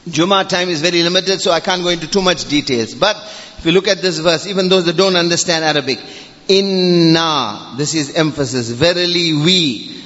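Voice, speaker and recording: High, bright-voiced impassioned preacher. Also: male voice, in a large hall, highs cut off. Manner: impassioned, emphatic, swelling to near-shouts. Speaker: imam giving a Friday sermon. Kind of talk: sermon.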